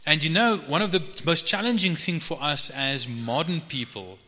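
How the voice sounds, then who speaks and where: A male pastor preaching a sermon in a conversational way, with frequent restarts, and reading scripture slowly. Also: on the high side, bright, forceful tone. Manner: slow measured reading of scripture. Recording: reverberant hall.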